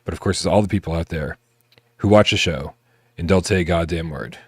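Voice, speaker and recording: A man's voice: low voice, a little fast, a little mellow, slightly rough, no room sound. A man hosting a live podcast in casual chat, laid-back and swearing freely as he thanks his viewers. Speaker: podcast host.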